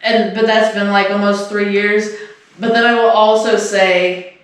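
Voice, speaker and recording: A man's voice: high voice, little pitch movement, measured pace, fairly bright tone. A man co-hosting a podcast, telling a story casually, rambling and swearing with lots of fillers. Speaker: podcast co-host. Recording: echoey room, distant mic.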